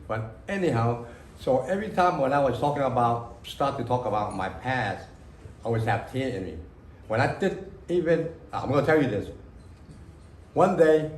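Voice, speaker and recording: A man speaks at a medium pitch, rambling through his memories in halting, broken sentences thick with fillers. He talks to an audience in a library room, and the sound echoes noticeably around him with a faint hiss behind it. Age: 60s. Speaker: author at a book reading. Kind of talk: casual spoken memories to an audience.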